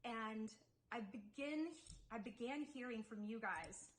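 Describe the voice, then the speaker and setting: A woman's voice: a little high, unhurried, rough recording. A young woman YouTuber telling an upsetting story to her viewers in a confessional vlog, rambling and defensive, full of "like" and restarts.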